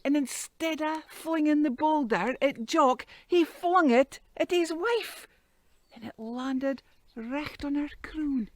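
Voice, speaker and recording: A woman with a Doric Scots accent telling a folktale in a dramatic, animated way. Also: high voice, no room sound. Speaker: storyteller.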